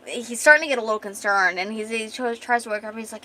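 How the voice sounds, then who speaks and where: A woman's voice: fairly high pitch, quick pace, few pauses, bright, forceful tone. A woman streamer chatting casually with viewers while retelling and reading a comic aloud, full of fillers and restarts.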